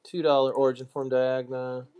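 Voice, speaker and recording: Relaxed man muttering through a live stream. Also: mid-range voice, smooth. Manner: relaxed, muttering to himself, quick asides to chat. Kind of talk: casual live stream chat while sorting cards.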